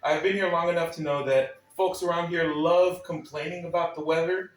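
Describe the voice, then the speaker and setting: A man's voice: on the high side, steady tone, moderate pace. A man from Texas, reading a personal essay aloud at a live club night with a wry, sardonic delivery and dry asides. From Texas, United States. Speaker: spoken-word performer. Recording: echoey room, voice a little far from the mic.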